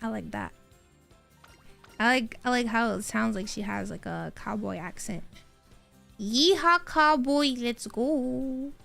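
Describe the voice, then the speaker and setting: A woman streamer chatting casually while she plays a game, rambling and excitable, answering her chat as she goes. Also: medium pitch, normal speed, vocal fry, pauses often, faint music behind.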